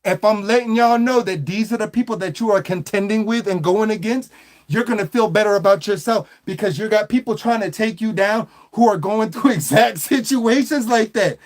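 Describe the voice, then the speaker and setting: A high-pitched man rants with mocking, animated energy. He stumbles into repeated words and laughs at his own jabs. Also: moderate pace. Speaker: online commentator. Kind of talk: mocking commentary rant.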